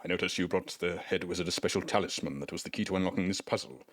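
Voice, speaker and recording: A scheming old wizard speaks in formal, conspiratorial tones, as a man reads his game lines aloud. The voice is low, and the sound is dry and close. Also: fast talker, fairly bright tone, no room sound. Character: scheming old male wizard quest-giver. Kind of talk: reading game dialogue aloud.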